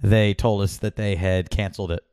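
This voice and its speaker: A man with a lowish voice co-hosting a podcast, blunt and sarcastic, with the odd curse thrown in. The recording is close and dry. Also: steady tone, normal speed, darkish tone, clean tone, no echo. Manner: blunt, sarcastic, swears freely. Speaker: podcast co-host. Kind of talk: casual chat.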